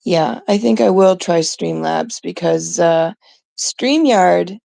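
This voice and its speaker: A woman's voice: lowish voice, slow, gravelly, dark tone, no room sound. A middle-aged woman from Canada ranting casually and profanely to her viewers. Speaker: vlogger. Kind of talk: casual rant to camera.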